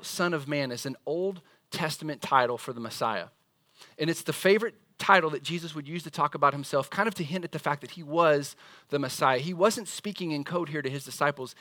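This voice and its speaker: A male pastor preaching a sermon in a lively, conversational, storytelling way. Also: sits high, dry recording, clean studio sound.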